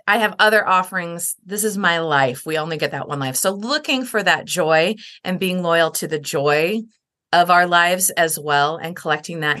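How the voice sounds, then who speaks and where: A woman's voice: low-pitched, pushed and bright. A middle-aged woman speaking earnestly and reflectively as a podcast guest, livening up when she quotes others. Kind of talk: heartfelt conversation.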